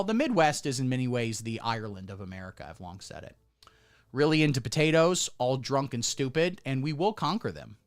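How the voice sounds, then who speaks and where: A man hosting a comedy livestream, ranting sarcastically and crudely in a mock-pundit persona, lurching between loud outbursts and muttered asides. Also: medium pitch. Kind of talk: satirical political comedy rant. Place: indoor room under hot studio lights.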